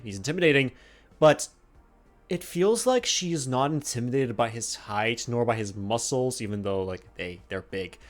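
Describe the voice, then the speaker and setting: A man narrating as game master of a tabletop game, rambling with many fillers and restarts. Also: medium pitch.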